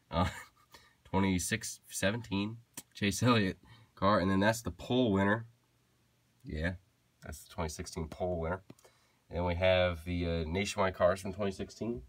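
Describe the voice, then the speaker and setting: Low-voiced young man rambling to camera. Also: no echo. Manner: rambling, self-correcting, joking asides. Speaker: collector showing his diecast cars. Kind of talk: casual chat to camera.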